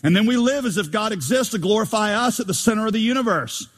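Male pastor, husky tone, emphatic and wry sermon delivery, big reverberant hall. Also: high-pitched, lively intonation, fast. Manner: emphatic, humorous, mimics prayers. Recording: long reverb of a large hall.

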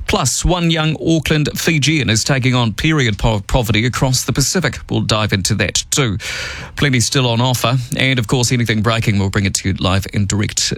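Medium-pitched and recorded dry, a man hosts a morning radio show from the studio, running through the news and making wry, lively, chatty remarks about politics in a casual on-air style.

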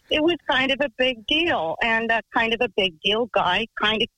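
A woman's voice: a little high, lively intonation, normal speed, sharp tone, no room sound, low-quality recording. A woman from Canada calling into a radio show, telling a rambling story in a chatty, loose way. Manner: chatty, rambling, swears, laughs easily. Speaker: radio caller. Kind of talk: phone-in storytelling.

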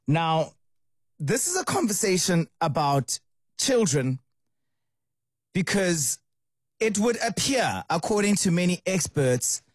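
High, husky-voiced male radio host. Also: unhurried, pauses often, dry recording. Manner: chatty, animated and opinionated. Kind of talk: casual radio chat.

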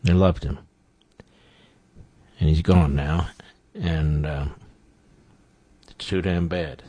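A male talk host with a very low voice speaks bluntly and with emphasis, leaning on repeated words to press his points. The sound is dry and close, with no room around it. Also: fairly even intonation, takes it slowly, warm tone, breathy edge, no room sound. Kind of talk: opinionated commentary.

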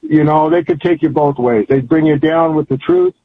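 Brief: older male caller, rambling and folksy, husky and on a phone line. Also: a little high, moderate pace, dry recording. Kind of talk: call-in radio chat.

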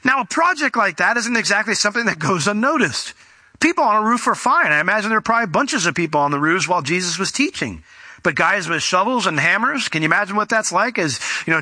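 Guy preacher, folksy and chatty, super bright voice, dry room. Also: sits high, dry recording. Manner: folksy, acts out quoted voices. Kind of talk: conversational Bible teaching.

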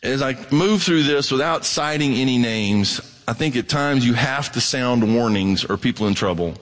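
A man preaching a sermon as pastor, plainspoken and blunt, swinging between excited and hushed delivery. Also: medium pitch, moderate pace. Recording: long hall reverb.

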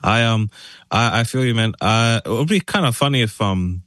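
A man's voice: mid-range voice, lively intonation, moderate pace, fairly bright tone, no echo. A man hosting a morning radio show, reading news items with fillers and slips, then chatting with his co-host. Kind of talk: news reading with casual asides. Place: radio studio.

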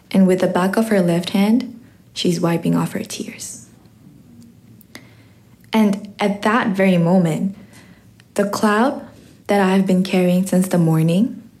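A teenage girl tells a personal story to a live audience. Her delivery is slow, reflective and unhurried, with an even, mid-pitched voice. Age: teens. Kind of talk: personal story told on stage.

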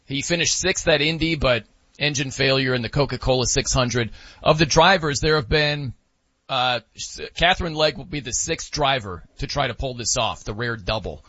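A man co-hosting a casual sports talk show, animated and laughing as he talks. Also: medium pitch, moderate pace, dry recording. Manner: animated, laughing, mimics wrestling announcers. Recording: dull lo-fi dry sound.

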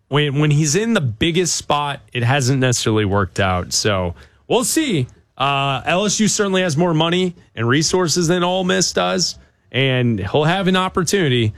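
Male radio host, casual opinionated chat, lively pitch, dry studio sound. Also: dry recording. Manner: hesitant, opinionated, with many fillers.

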